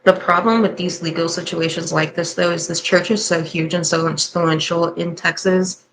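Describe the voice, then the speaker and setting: Woman, lowish voice, commentary host, sarcastic, skeptical, candid, faint background noise. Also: steady tone, moderate pace, gravelly. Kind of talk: reaction commentary.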